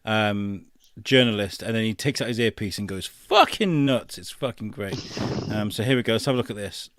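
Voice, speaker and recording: A man's voice: lowish voice, expressive, moderate pace, a bit bright. A man co-hosting a casual chat who sounds cheery and reads out listener messages. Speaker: podcast co-host.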